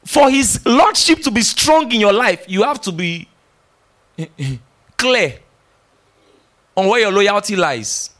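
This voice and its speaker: Emphatic high-voiced male preacher. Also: slow pace, pauses often. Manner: animated, emphatic, teasing, with laughs and acted-out dialogue. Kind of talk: sermon.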